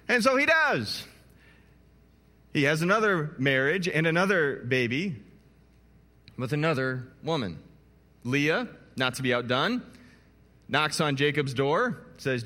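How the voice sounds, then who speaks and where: A pastor delivers a sermon with lively, swooping pitch and a bright, forceful voice. He tells the story in an animated way, tossing in playful asides to his listeners. His voice rings out with a long reverb in a large hall. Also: a little slow, long pauses.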